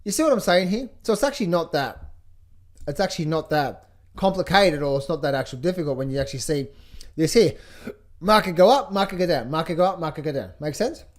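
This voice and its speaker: A middle-aged man coaching on trading, talking over charts in an energetic, playful way, chanting phrases in a sing-song repetition. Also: on the high side, fast. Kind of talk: casual market commentary over charts.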